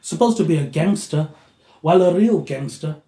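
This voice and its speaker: A man rambles through a loose monologue, tagging his sentences with a casual "mate, eh". His voice sits a little high yet sounds mellow and warm. He records into a phone tablet with no microphone, so the room echoes around him. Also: lively intonation, normal speed. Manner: meandering, tags lines with "mate, eh". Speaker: vlogger.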